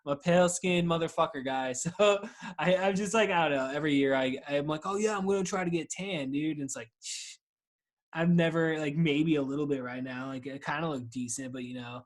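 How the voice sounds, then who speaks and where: A man in his thirties, stoned, hosts a solo podcast over a video call in a slightly higher voice than most men. He rambles loosely and swears freely, laughs easily, and argues back and forth with himself. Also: steady tone, fairly quick. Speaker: podcast host.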